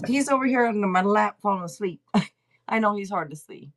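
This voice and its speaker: A woman's voice: a little high, animated, brisk, a bit bright. A woman hosting a casual livestream, chatting loosely and swearing now and then as she reads names off a list. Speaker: podcast host reading tarot for a live chat.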